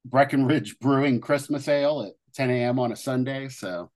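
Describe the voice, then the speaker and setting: A man's voice: medium pitch, moderate pace, darkish tone. A young man co-hosting a casual comedy podcast, laid-back and laughing often. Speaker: podcast co-host.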